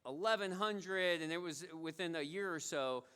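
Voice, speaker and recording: Guy pastor preaching, pretty high voice, bright and forceful, chatty storytelling sermon. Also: normal speed, smooth. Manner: conversational storytelling, repeats key phrases.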